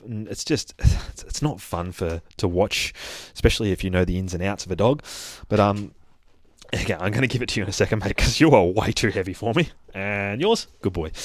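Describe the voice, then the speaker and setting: Australian man, deep voice, casual podcast host, rambling, good-humoured, dry close recording. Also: no echo. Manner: rambling and good-humoured, chatting to his dogs between points. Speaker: podcast host and dog trainer.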